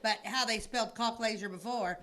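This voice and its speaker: A woman's voice: a little high, a little fast, a bit bright. A woman co-hosting a casual podcast chat, talking in a rambling way and stumbling over names. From United States. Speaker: podcast co-host.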